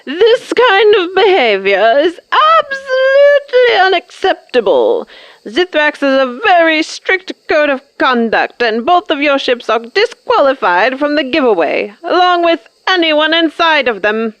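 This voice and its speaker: A woman's voice: high voice, big pitch swings, a little slow, fairly bright tone, dry recording, exaggerated voice, low-quality recording. A woman playing a stern contest official. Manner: formal, scolding. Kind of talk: hobby audio drama.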